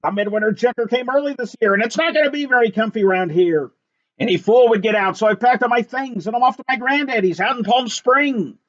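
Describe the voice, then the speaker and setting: A man voicing a hurried male stranger fleeing a storm, calling out urgent warnings in a picture-book reading. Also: extremely high pitch, a bit bright, voice pushed up. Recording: dull lo-fi recording.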